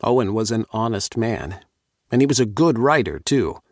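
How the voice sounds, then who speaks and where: A man narrates a first-person audiobook in a low, calm, steady voice. The sound is dry and close, with no room around it, and his pace stays even and measured. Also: no echo.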